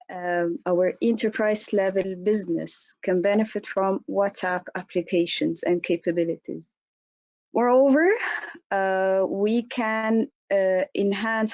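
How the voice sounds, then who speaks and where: A woman consultant with a hoarse voice from an allergy presents a business webinar. She talks with frequent fillers and restarts. Her voice comes through a muffled, lo-fi line in a dry room with no echo. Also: medium pitch, darkish tone. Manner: hesitant, many fillers and restarts.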